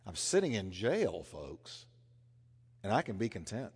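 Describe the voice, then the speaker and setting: A man preaching a sermon, swinging between loud emphasis and hushed, intense passages. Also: lowish voice, wildly swooping pitch, a little slow, slightly rough. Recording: long hall reverb.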